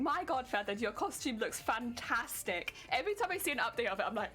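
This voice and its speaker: A woman's voice: fairly high pitch, lively intonation, a little fast, hardly any pauses, bright, forceful tone, soft background music. A young woman with an English accent, chatting casually on a live stream while working on a cosplay, giggling and rambling. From England.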